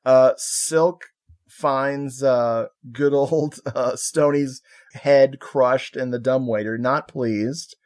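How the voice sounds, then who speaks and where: A man with a mid-range voice chats through a film recap on a podcast. He speaks from a video call, loose and amused, tossing in quick quoted lines. His delivery is casual and full of little laughs. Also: mid-range voice. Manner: relaxed, laughing, retelling scenes with quick put-on quotes. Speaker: podcast co-host. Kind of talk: casual movie recap chat.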